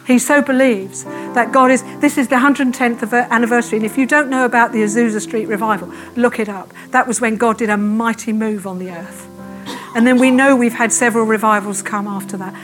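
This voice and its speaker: A woman preaching a fervent sermon in church, speaking quickly and repeating her calls to prayer. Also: a little high, steady tone, faint music behind.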